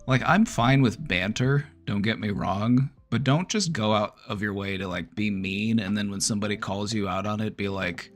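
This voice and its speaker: A man's voice: on the low side, moderate pace, hardly any pauses. A man hosting a livestream, talking casually and bluntly to his chat, swearing freely. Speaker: livestream host.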